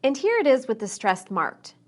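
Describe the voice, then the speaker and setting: A woman teaching English pronunciation in a scripted lesson, reading example sentences slowly and carefully enunciated. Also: sits high, big pitch swings.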